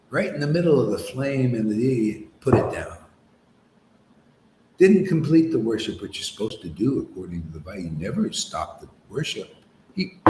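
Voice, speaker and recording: A man preaches in a loose, conversational way, his pitch swinging widely as he argues. The room around him is echoey, with faint background noise. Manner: animated, mocks opponents in put-on voices. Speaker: spiritual teacher. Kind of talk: informal sermon.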